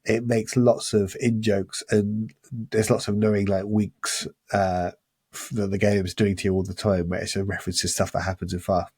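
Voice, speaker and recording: A man's voice: on the low side, flat delivery, moderate pace, a little mellow, husky, no room sound, clean studio sound. A man co-hosting a casual podcast, talking enthusiastically and rambling with restarts. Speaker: podcast co-host.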